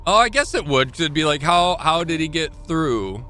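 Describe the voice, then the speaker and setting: Bright-voiced young man thinking aloud. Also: fairly high pitch, expressive, moderate pace, a little hiss or hum. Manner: thinking aloud, rambling and self-correcting. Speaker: streamer. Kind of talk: live gameplay commentary.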